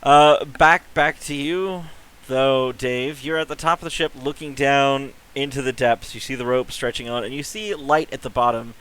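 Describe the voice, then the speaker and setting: A man's voice: mid-range voice, fairly even intonation, moderate pace, a bit bright, clear, resonant tone, poor audio. Wry male game master. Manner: wry, laughs at players. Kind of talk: narrating a tabletop game.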